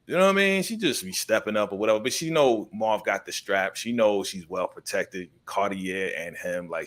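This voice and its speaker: A man hosting a casual TV recap chat, lively and acting out characters' lines as he goes. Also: on the low side, moderate pace. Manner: animated, acts out characters' lines. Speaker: host.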